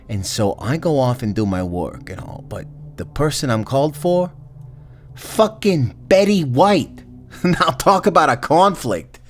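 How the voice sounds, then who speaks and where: An actor playing a casual, crude, chatty Grim Reaper in an audio role-play drama. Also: male voice, mid-range voice, close to an everyday voice. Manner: laid-back, chatty, crude and wry. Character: casual joking male Grim Reaper, Death.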